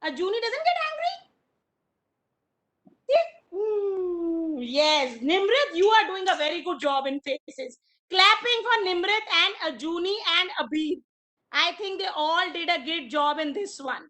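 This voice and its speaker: A woman teaching an online preschool class over a video call, with animated, sing-song praise for small children. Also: very high-pitched, a little slow.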